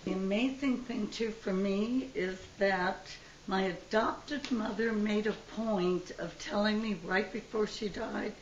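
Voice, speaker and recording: An older woman telling her side of a family story in an interview, soft-spoken. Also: mid-range voice, steady tone, a little slow, few pauses, slight background noise. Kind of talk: personal storytelling. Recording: distant, dull, roomy.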